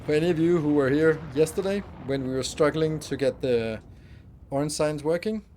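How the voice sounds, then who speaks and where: A man's voice: fairly high pitch, moderate pace, mellow, a little hiss or hum. A man streaming a factory-building game, giving rambling, chatty commentary with the odd swear and laugh. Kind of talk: casual gameplay commentary.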